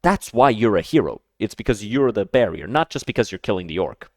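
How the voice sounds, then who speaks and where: A streamer reacting to a video argues in a casual, emphatic way, his lowish voice swinging widely in pitch at a slightly quick pace. When worked up he repeats words and stammers through restarts, and the sound is close and dry with no echo.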